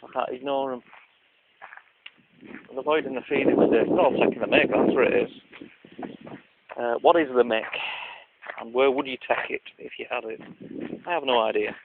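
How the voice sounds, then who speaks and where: A man's voice: mid-range voice, moderate pace, vocal fry, long pauses. A man rambling through an outdoor video diary in a dry, self-mocking way. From Lancashire, England. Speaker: vlogger. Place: outdoors at a country park. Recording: tinny, lo-fi with faint hiss.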